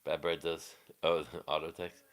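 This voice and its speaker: An extremely low-pitched, level-toned male voice chats casually on a live stream, responding to viewers. The talk is crude and rambling, full of quick laughs and frequent restarts.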